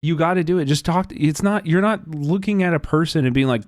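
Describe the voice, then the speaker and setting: A man hosting a livestream, talking casually in an animated, profane, rambling way with many restarts. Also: on the high side, brisk, no room sound, studio quality. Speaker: livestream host. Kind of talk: casual reaction chat.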